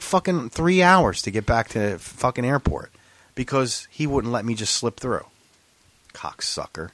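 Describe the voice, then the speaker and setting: A male podcast host tells rambling, profane stories and jumps between voices as he acts out each exchange. His pitch swings widely from line to line. The sound is dry and close, with almost no room around it. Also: dry recording. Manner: animated, acts out both sides of his stories. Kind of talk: casual profane storytelling chat.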